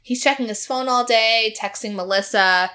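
A woman's voice: on the high side, normal speed, bright, forceful tone. A woman in casual chat, animatedly retelling a reality show to a friend, quoting its people and laughing often. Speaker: podcast co-host recapping a reality show.

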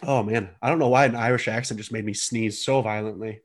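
A man's voice: lowish voice, fairly even intonation, a little fast. A man co-hosting a casual podcast chat, joking around and laughing often. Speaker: podcast co-host.

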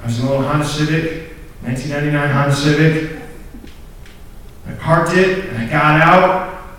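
Heard from afar in a large, very echoey room packed with students, a young man delivers a sermon to the student group. His voice sits a little high at a moderate pace. Earnest and self-deprecating, he laughs at his own stories, repeating and restarting words once he gets going.

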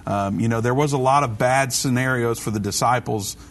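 Brisk Christian call-in radio host man. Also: medium pitch. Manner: brisk, conversational, preachy.

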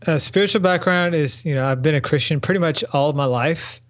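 A man's voice: fairly high pitch, fairly quick. A man speaking as a guest in a casual interview, reflective and stop-start. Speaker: podcast guest, life coach.

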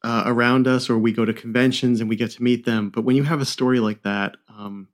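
A man hosting a casual chat, relaxed, mostly giving brief reactions. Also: mid-range voice, brisk.

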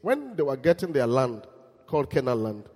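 Preacher guy, kinda husky, big echoey church hall, lively and asks the crowd stuff. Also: mid-range voice, moderate pace. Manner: animated, quizzes the congregation, acts out quotes. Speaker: pastor. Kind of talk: sermon.

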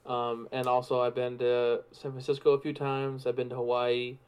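A young man from Arizona, a podcast guest, talking in a relaxed, earnest way. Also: medium pitch, normal speed, clear, resonant tone. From Yuma, Arizona. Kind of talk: casual chat.

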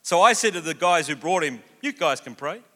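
A man's voice: a little high, brisk. A man preaching a sermon, telling a story and acting out the voices in it. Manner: animated, acts out quoted voices. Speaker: pastor. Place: church auditorium. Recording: long reverb of a church hall.

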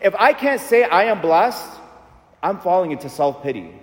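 Male pastor, high voice, emphatic call-and-response sermon, reverberant church hall. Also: sing-song, normal speed. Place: large church.

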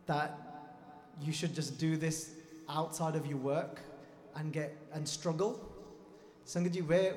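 A man's voice: on the high side, darkish tone. A man giving a fervent sermon to a congregation, repeating lines emphatically and addressing the crowd directly. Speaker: Sikh preacher. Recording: echoey hall with faint music.

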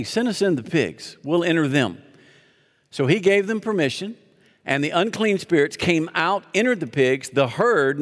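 A man with a fairly high, fairly bright voice preaches as pastor in a church sanctuary. He reads scripture aloud, leads the congregation in call-and-response, and adds joking asides, all echoing with a large hall's long reverb.

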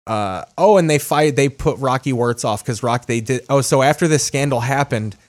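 A man's voice: mid-range voice, moderate pace. A man with a Chicago accent co-hosting a podcast in blunt, profane casual chat. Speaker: podcast co-host.

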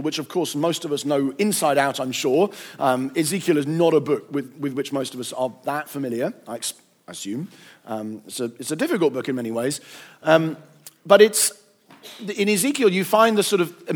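A man giving an unscripted lecture on scripture, thinking aloud with frequent ums and self-corrections. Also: a little high.

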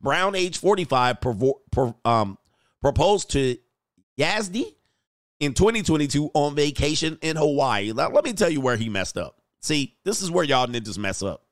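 A man's voice: on the high side, very animated, normal speed, no room sound, studio quality. A middle-aged man hosting a relationship coaching show, giving blunt, profane commentary on a news story and lecturing his listeners.

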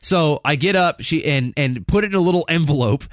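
A man in his thirties telling a story on a podcast, animated and full of swearing. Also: fairly high pitch, a little fast, dry recording, studio quality. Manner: animated, swears a lot, acts out quotes. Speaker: podcast co-host. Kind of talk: casual storytelling.

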